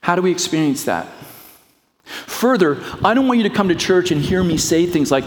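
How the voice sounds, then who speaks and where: A middle-aged man preaching a sermon as a pastor, moving from slow reflective passages to quick storytelling. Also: on the high side, lively intonation, big-room sound.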